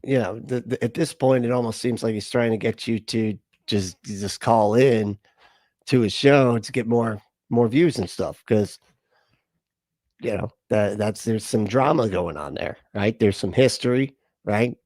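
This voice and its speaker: A man's voice: on the low side, measured pace, darkish tone, dry recording, studio quality. A man casually hosting a livestream reaction, chatty and rambling, laughing often as he talks.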